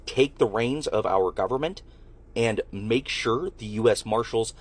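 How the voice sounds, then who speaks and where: A man's voice: fairly low pitch, measured pace, slightly rough. A man giving a firm, accusatory public statement that demands action. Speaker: political speaker.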